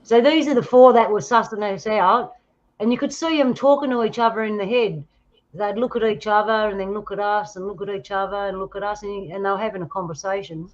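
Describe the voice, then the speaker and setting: A woman's voice: mid-range voice, fairly even intonation, a little fast, highs cut off. A woman with an Australian accent hosting a casual chat, telling stories about her photos and laughing often. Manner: laughing, storytelling, acts out quoted voices. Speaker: host.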